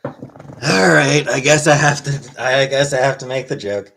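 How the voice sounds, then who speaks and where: A man hosting a casual livestream Q&A, reading chat questions aloud and answering in a wry, deadpan way. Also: mid-range voice, measured pace, creaky, a little hiss or hum. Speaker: livestream host.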